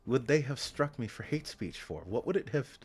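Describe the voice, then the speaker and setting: A man's voice: medium pitch, animated, moderate pace, husky. A man streaming, talking to himself in a meandering, casual way, swearing often and trailing off into restarts. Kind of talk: casual rambling stream talk.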